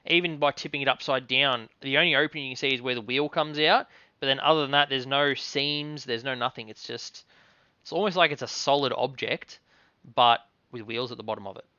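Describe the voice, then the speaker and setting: A man runs a tabletop game in a relaxed voice, his tone very bright and crisp. He narrates haltingly, with many fillers, and the recording sounds dry and a little dull. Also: medium pitch, no echo. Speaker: game master.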